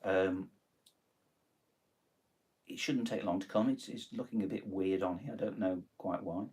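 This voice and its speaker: A man's voice: low-pitched, unhurried, darkish tone, slightly rough. A man with a Nottingham accent chatting on a live stream, rambling and hesitant with lots of ums and self-corrections as he takes song requests. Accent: Nottingham, East Midlands English. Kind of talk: casual live-stream chat.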